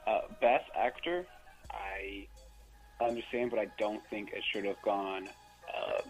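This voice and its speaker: A man's voice: fairly low pitch, measured pace, slightly rough, soft background music, poor audio. A man calling in to a talk show, giving his opinions in a hesitant, hedging way. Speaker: caller. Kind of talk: casual call-in chat. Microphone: phone.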